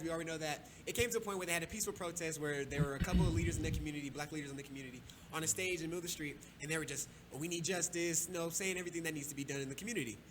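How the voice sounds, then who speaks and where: A man's voice: fairly high pitch, background noise. A man hosting a casual podcast, telling a story in a loose, profane way and laughing often. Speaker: podcast host.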